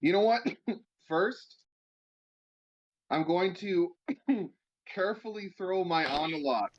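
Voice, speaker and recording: A man playing a tabletop game, playful with a deadpan, literal streak. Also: high voice, slow pace. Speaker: player. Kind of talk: casual chat at a tabletop game. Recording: dull lo-fi sound.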